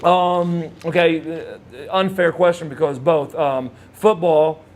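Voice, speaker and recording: A man's voice: a little high, flat delivery, takes it slowly, a little mellow, slight background noise. A middle-aged man, a former wrestler, telling stories in a rambling way with many fillers and restarts. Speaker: former wrestler, interview guest. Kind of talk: casual storytelling.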